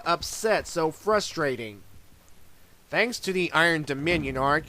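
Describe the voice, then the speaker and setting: Slow easygoing guy reviewing comics, lots of uhs, music playing under him. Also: on the high side. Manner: rambling, full of uh and um fillers. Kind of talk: casual review narration. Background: background music.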